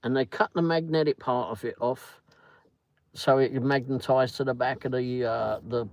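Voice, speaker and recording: A man's voice: mid-range voice, steady tone, moderate pace, rough recording. A man hosting a casual livestream, rambling through a story and greeting viewers by name. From Britain. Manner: rambling, chatty, reads viewer comments aloud. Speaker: livestream host.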